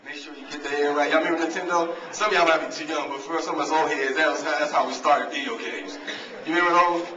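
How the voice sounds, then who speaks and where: Recorded from a distance in a big, echoey hall, a coach speaking as a guest delivers a humorous motivational banquet speech full of stories aimed right at the crowd. His pitch is fairly high, his tone steady and his pace quick. The sound is dull.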